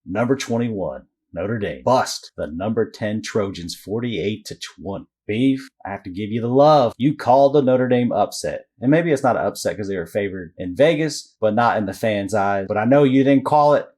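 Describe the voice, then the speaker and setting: A man's voice: on the low side, expressive, normal speed, hardly any pauses, darkish tone, slightly rough. A man co-hosting a sports podcast, giving game recaps in a casual style with crude jokes. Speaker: podcast co-host.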